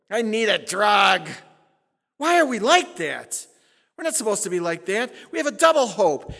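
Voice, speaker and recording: Fiery male preacher in a reverberant hall. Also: a little high. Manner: swings from shouting to hushed, dramatic preaching. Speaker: pastor. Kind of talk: sermon.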